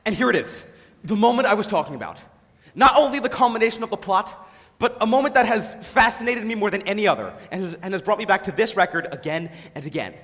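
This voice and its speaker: A man's voice: high-pitched, fast, exaggerated voice. A young man on a school stage playing a nostalgic theatre fan who speaks confidingly to the audience, recorded in a reverberant auditorium. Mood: musing. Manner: musing, confiding, suddenly excitable. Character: nostalgic male theatre fan narrating his favorite record. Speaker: narrator of a stage musical. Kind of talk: school stage musical acting. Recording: reverberant hall, distant stage sound.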